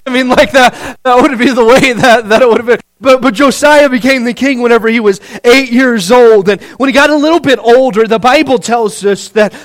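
A man. He is earnest and often stumbles over repeated words as he builds toward a point. Between stretches of quiet he voices pleading prayers. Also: very high voice. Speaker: preacher. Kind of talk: sermon.

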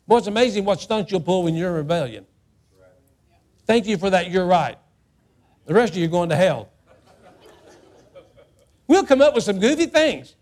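A man with a high-pitched voice preaching in a church. He is an emphatic middle-aged pastor who repeats his phrases and acts out each quote. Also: a little mellow. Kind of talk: sermon.

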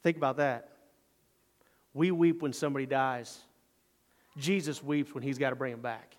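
A man pastor preaching a sermon in a church sanctuary, swinging between loud emphatic passages and hushed, quiet asides. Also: mid-range voice, in a large hall.

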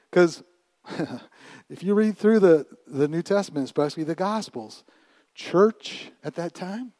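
A middle-aged man preaches a sermon as pastor, animated and often laughing, dropping to a hush and rising loud again while repeating his words frequently. His voice is a little high, and the recording is dry.

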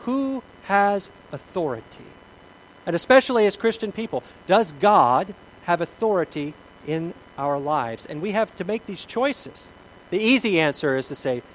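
A male pastor preaching a sermon in a church, with a slightly raised pitch. He tells stories and repeats his key questions with emphatic swings in loudness. A faint hum sits behind him. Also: sing-song, normal speed, low-quality recording. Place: church sanctuary.

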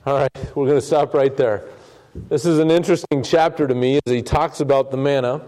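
A man preaches a Bible lesson in a relaxed, conversational way. His voice is mellow and sits in a middle pitch. He often repeats a word as he goes and briefly acts out the complaining voices in the passage. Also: brisk. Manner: conversational, repeats words, dramatizes quotes. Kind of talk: sermon, Bible study teaching.

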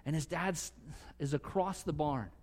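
A man preaching a sermon earnestly, swinging from emphatic conviction to soft, hushed moments. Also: fairly high pitch, moderate pace, long reverb tail. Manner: earnest, rising to emphatic conviction, dropping to soft near-whispers. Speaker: pastor.

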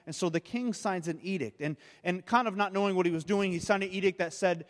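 A man's voice: sits high, quick pace, few pauses, big-room sound. A man preaching a sermon, retelling a story and often repeating his words as he goes. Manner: storytelling with frequent word repeats. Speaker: pastor.

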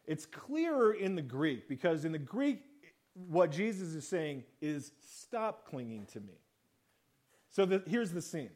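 Male pastor, high pitch, casual sermon delivery that acts out the quotes. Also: lively intonation, a little slow, a little mellow. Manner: conversational preaching, acts out quoted lines.

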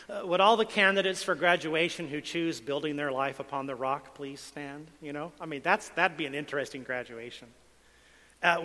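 Male pastor, bright, ringing voice, sermon delivery with dramatic soft-loud swings, church hall reverb. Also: a little high. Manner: dramatic shifts between soft asides and loud emphasis.

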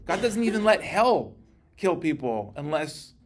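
A man teaching a casual Bible class, talking in a conversational, animated way and acting out the scripture he quotes. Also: fairly high pitch, a little slow, slight background noise.

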